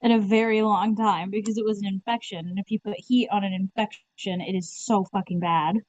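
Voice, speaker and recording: Woman, casual chat, swears, lively storyteller, mid pitch, dull lo-fi sound. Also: fairly quick, dry recording. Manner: animated storyteller, swears, acts out quotes.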